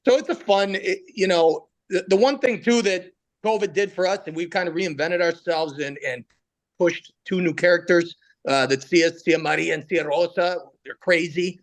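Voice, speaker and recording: A man, a comedian, chatting in an interview as an animated storyteller. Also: high-pitched, moderate pace. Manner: animated storyteller, breaks into voices. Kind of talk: casual interview chat.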